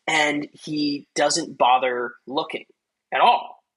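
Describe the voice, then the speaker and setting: A man chats loosely about a film on a podcast, his voice forceful and bright with a husky edge. He rambles through plenty of fillers and breaks into acted-out quotes. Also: on the high side, steady tone, slow pace, low-quality recording. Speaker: podcast host. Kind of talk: casual film review chat.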